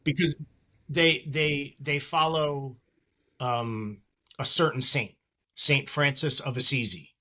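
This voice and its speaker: A man's voice: mid-range voice, fairly even intonation, slow, pushed and bright. A middle-aged man speaking as a guest wrestling trainer in a casual interview, earnest and reflective, acting out the voices of people he quotes.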